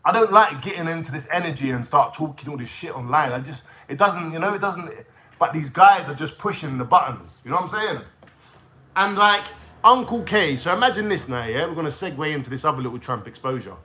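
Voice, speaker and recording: A man's voice: a little high, lively intonation, a little fast, pushed and bright. Angry London man ranting to camera. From England. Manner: confrontational, profane, taunting street slang. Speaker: YouTuber. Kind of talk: angry call-out rant to camera.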